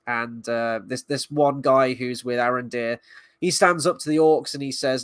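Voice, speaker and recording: A man's voice: medium pitch, fairly even intonation, unhurried, clean tone, no room sound. A man giving a casual spoken review of a series, blunt and sarcastic, swearing freely as he picks apart its writing. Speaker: show reviewer.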